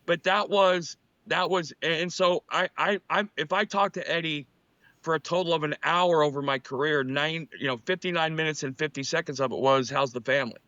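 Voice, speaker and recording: A man tells baseball stories in a relaxed podcast chat, his voice bright and a little high for a man. He talks in bursts and restarts his sentences as he goes. The sound is dry and slightly dull. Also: normal speed, no room sound. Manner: animated anecdotes, frequent restarts. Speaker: former MLB pitcher, co-host. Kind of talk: casual storytelling chat.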